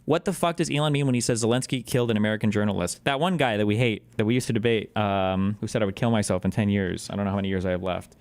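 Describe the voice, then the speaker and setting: A man's voice: fairly low pitch, a little mellow, no echo. A man streaming, reacting to clips with a casual, profane, sarcastic political rant. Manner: profane, fast-shifting, sarcastic.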